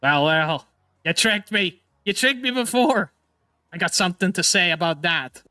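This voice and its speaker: A man hosting a casual live stream as a VTuber, excitable, stammering and often laughing or swearing. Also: high-pitched, normal speed, no room sound, faint music behind.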